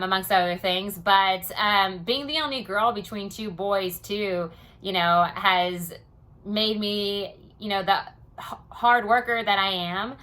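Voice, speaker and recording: A woman's voice: medium pitch, bright, forceful tone. A young American woman talking casually in a personal diary vlog, rambling with many "you know" and "um" fillers. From United States. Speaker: vlogger.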